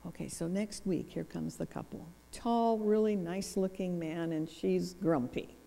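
Woman guest speaker at a church, swaps between voices telling a story, warm tone, echoey hall. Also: lowish voice, steady tone, unhurried, vocal fry. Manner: anecdotal, acts out both sides of conversations. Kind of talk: storytelling lecture.

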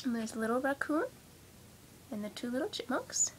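A woman reading a children's picture book aloud, adding soft, chatty asides about the pictures. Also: fairly high pitch, big pitch swings, moderate pace, pauses often, a little hiss or hum. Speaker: storybook reader.

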